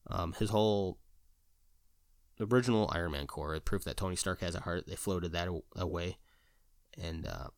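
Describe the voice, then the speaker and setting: A man chatting casually and rambling with excitement, full of fillers, repeats and casual swearing. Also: low voice, no room sound, clean studio sound. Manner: gushing with enthusiasm. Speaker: vlogger. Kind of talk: casual chat.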